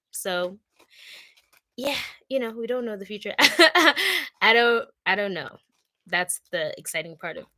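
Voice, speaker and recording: A young Congolese woman, a content creator, chats casually and upbeat on a livestream, using plenty of fillers. Her voice is on the low side, bright and forceful, with no echo.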